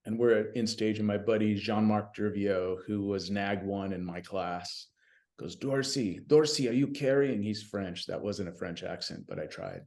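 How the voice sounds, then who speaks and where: A man telling stories as a guest in a casual podcast conversation, animated and chatty, often saying "you know what I mean.". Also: fairly low pitch, a little slow. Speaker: podcast guest, BMX announcer.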